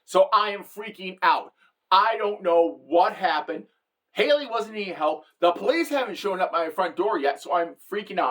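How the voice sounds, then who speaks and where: A middle-aged woman spins a comic tale with a wry, offhand voice. She swears freely and wanders into asides before returning to the story. Her pitch sits in an ordinary middle range for a woman. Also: animated, moderate pace. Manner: wry, profane, rambling asides. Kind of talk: comedic storytelling monologue.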